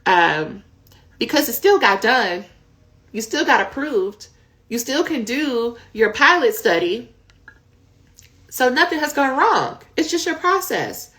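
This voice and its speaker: A woman coaches dissertation writers in a live question-and-answer session. Her fairly high voice stays candid and conversational, and she speaks straight to her viewers as y'all. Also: very animated, slow pace, pauses often, pushed and bright.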